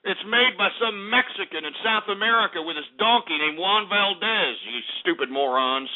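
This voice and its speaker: A man's voice: high voice, animated, moderate pace. A man hosting a talk-radio show, ranting sarcastically and profanely about commodity prices. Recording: phone-like radio broadcast.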